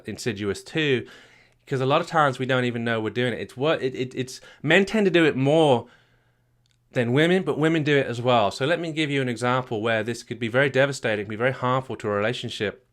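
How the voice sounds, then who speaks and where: A man's voice: mid-range voice, a bit bright. A man coaching a marriage retreat, talking emphatically, repeating his points and tagging them with "right?". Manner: emphatic and repetitive, with frequent restarts and "right?" tags. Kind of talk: retreat workshop talk. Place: retreat venue.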